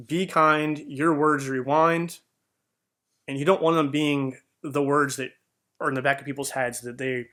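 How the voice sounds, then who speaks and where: Earnest young guy vlogging a heartfelt story, lots of ums and restarts, pretty bright tone. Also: medium pitch. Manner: earnest, rambling with fillers and restarts.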